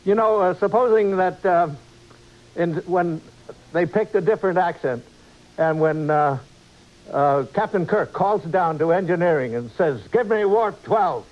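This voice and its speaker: A man's voice: high-pitched, a little slow. An older man, a guest actor, chatting on a talk show in a rambling, chuckling way. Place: TV studio. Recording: dull lo-fi old TV tape with faint hiss.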